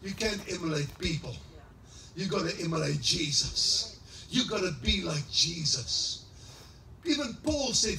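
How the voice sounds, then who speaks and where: A middle-aged man preaching a sermon as pastor, fiery at times and rising into shouted, sing-song exclamations. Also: high voice, expressive, a little slow, vocal fry, a little hiss or hum. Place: church service in a large greenhouse hall. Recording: echoey hall, mic at a distance.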